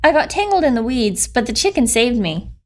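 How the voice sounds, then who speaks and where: A woman's voice: a little high, big pitch swings, a little fast. A woman doing Jessica, an eager young frog. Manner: eager, calling out. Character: young, lively, adventurous frog girl.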